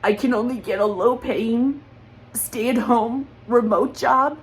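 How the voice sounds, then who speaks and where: A woman's voice: on the high side, slow, low-quality recording. A woman speaking in an emotional personal monologue, accusatory and repetitive, holding back tears. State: close to crying.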